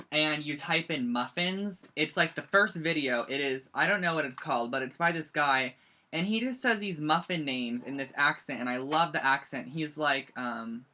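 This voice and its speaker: Bright, chatty teenage craft instructor. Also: mid-range voice. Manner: rambling and chatty, heavy use of "like". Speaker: scrapbooking instructor. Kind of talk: live-streamed craft demo, casual chat. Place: bedroom at home.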